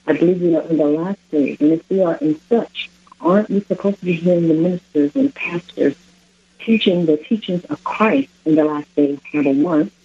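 A man's voice: on the high side, normal speed. Earnest man calling in over a muffled line. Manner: earnest, long winding questions. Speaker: caller. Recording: muffled phone line on radio.

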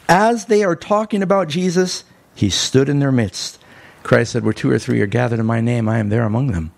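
A man preaching a sermon, telling a story with lively swings, climbing high when excited and slowing down to stress key lines. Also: creaky.

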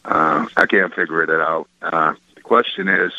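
Male caller, very low, bright edge, halting delivery, muffled phone line. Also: steady tone, no echo. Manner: halting, many "uh" pauses, searching for words. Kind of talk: phone call to a radio show.

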